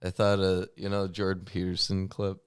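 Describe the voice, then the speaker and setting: A man's voice: low voice, monotone, normal speed, clean tone, no room sound. A man co-hosting a casual chat show, reading old scripture aloud between dry asides. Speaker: co-host.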